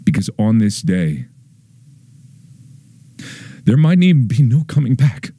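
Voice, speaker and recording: A man in his twenties making a mock-dramatic plea to his viewers, over-the-top solemn, swinging between hushed lines and near-shouts. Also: medium pitch, big pitch swings, slow pace, breathy edge. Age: 20s. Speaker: YouTuber.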